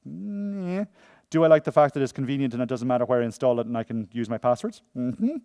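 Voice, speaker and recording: A man giving a conference talk and taking audience questions, jokey and animated, often telling funny stories and acting out the voices of the people in them. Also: mid-range voice, fast talker, clear, resonant tone, dry recording, studio quality. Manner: animated, acts out quoted voices. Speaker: conference speaker. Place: conference room before an audience.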